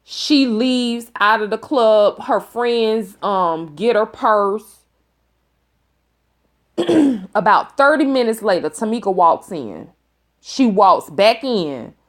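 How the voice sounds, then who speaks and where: A woman's voice: medium pitch, animated, takes it slowly. A woman telling a dramatic story to her viewers, emphatic and repeating lines for effect, with folksy exclamations. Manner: folksy terms of address, exclaims. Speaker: storytime vlogger.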